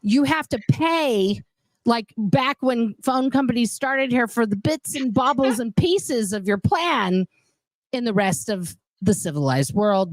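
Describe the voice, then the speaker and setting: An American woman hosts a casual chat over a video call and turns to the camera with opinionated asides. Her pitch swings widely and expressively. The recording sounds close and dry, with no room echo. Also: lively intonation, unhurried. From United States.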